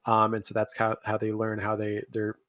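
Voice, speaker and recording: A man co-hosting a podcast, recapping a movie plot in a loose, rambling way with fillers, his voice dropping quiet at the ends of phrases. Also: lowish voice, completely flat delivery, normal speed, no echo, studio quality. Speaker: podcast co-host. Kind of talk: casual movie review chat.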